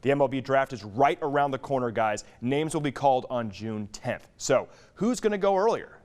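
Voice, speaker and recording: A man's voice: mid-range voice, lively intonation, normal speed, a little mellow. A young man from Texas co-hosting a sports debate show, arguing his picks with stats and a lot of "look" and "okay". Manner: argumentative, stat-heavy, keeps saying "look" and "okay".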